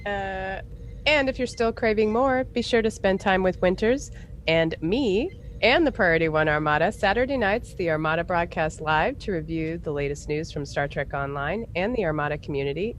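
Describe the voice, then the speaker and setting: Giggly low-voiced woman co-host. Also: a little hiss or hum. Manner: giggly, reads announcements cheerfully. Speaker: podcast co-host. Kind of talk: live podcast announcements.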